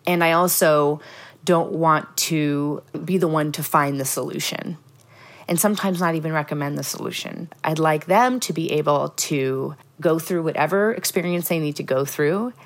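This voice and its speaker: Podcast mom with a low voice, chatty, laughs easily between anecdotes. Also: female voice, moderate pace. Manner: chatty, laughs often, storytelling. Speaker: mother on a parenting podcast. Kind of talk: casual podcast conversation.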